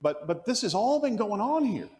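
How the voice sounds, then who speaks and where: A man's voice: high-pitched, moderate pace. Guy teaching bible class at church, voice bouncing all over, long hall echo. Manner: animated, asks the class questions.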